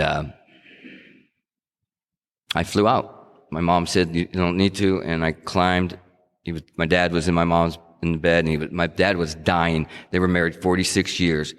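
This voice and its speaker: A man's voice: low-pitched, fairly even intonation, measured pace, pauses often, smooth. A middle-aged man from New England telling his personal recovery story at a sobriety meeting, earnest and conversational, often restarting his sentences. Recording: echoey hall reverb.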